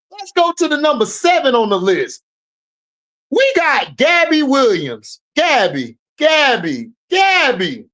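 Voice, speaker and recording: Animated, profane woman roasting players. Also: high-pitched, poor audio. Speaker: sports podcast host. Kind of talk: ranting sports commentary.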